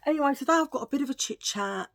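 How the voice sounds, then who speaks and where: A middle-aged woman chatting casually to camera as a vlogger, playful and prone to hushed asides. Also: high voice, lively intonation, very fast, creaky, no room sound, studio quality.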